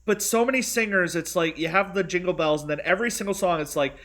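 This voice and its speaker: A man's voice: high-pitched, quick pace, a bit bright. A man co-hosting a podcast in casual chat, joking and slipping into voices. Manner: joking, often puts on voices. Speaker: podcast co-host.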